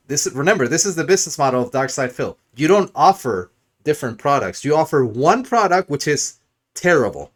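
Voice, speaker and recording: A man's voice: fairly high pitch, very animated, brisk. A man streaming a crude, sarcastic, rambling rant in a mocking commentary style.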